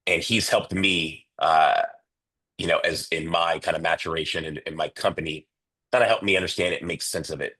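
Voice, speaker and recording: A man with a very low, nasal voice opens an online coaching session. He talks in a loose, chatty way, full of fillers and restarts. The sound comes through a video call. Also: fairly bright tone, husky. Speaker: real estate coach hosting a webinar.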